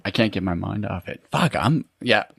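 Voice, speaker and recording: A man's voice: on the low side, expressive, normal speed, vocal fry, a bit bright, husky, dry recording, studio quality. A young man co-hosting a casual podcast, wry and self-deprecating. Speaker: podcast co-host. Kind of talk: casual chat.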